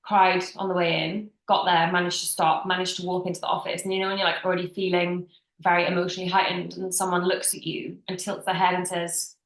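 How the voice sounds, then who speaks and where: A young adult woman co-hosting a podcast, telling stories in a casual, animated way. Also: lowish voice, fairly quick, roomy sound, poor audio. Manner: chatty, animated storytelling with quoted voices. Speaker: podcast co-host. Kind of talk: casual chat.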